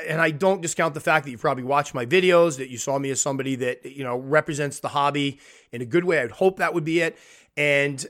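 A man's voice: on the high side, a bit bright. A man hosting a podcast, speaking in an impassioned monologue and firing off earnest rhetorical questions. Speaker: podcast host.

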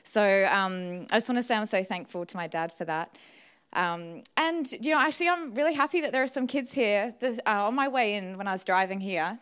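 A woman's voice: mid-range voice, animated, fairly quick, smooth. A young woman giving a sermon at a church service, candid and emotional, tearing up at moments. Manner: emotional, warm and candid, laughs and tears up at times. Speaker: guest preacher.

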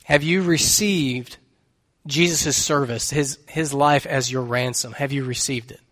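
A man's voice: mid-range voice, unhurried, fairly bright tone, big-room sound. A man preaching a sermon as pastor, telling a story in an earnest, conversational way.

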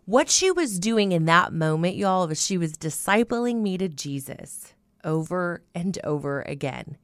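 A woman's voice: lowish voice, lively intonation, unhurried, no room sound. A woman hosting a Christian radio show, telling a personal faith testimony in an earnest storytelling way, with frequent fillers like "you know".

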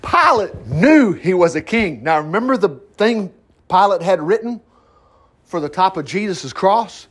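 A pastor leads an easygoing Bible study in a high, slightly rough voice, very animated yet unhurried. He reads scripture aloud and riffs on it conversationally, folksy and prone to asides.

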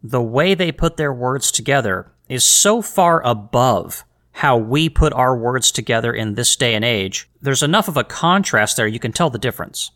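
A man's voice: medium pitch, lively intonation, normal speed, a bit bright. A man hosting a solo podcast, talking in an earnest, emphatic way with rhetorical questions and frequent restarts. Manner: repeats words and restarts phrases. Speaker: podcast host.

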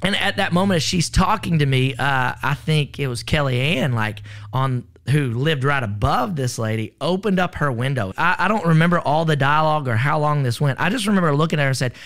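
A man's voice: on the high side, expressive, a little fast, few pauses, fairly bright tone. A man giving an earnest personal testimony, rambling with many fillers. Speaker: storyteller recounting a rescue.

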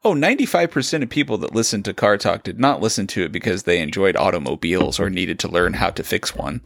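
Man, very low voice, gravelly, casual podcast banter, dry sound. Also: expressive, fast talker, a bit bright, no echo. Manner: jokey, laughs easily, leads the segments. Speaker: podcast co-host.

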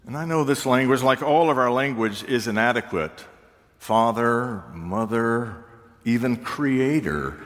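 Older man preaching slowly in a hall. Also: mid-range voice. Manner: slow, reflective preaching with gentle humor. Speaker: pastor. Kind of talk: sermon. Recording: long reverb of a large hall.

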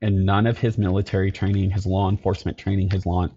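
A middle-aged man, a podcast guest, telling his life story in an earnest, halting way, often repeating himself. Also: low-pitched, flat delivery, mellow, dull audio, a little hiss or hum. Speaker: podcast guest, security company owner.

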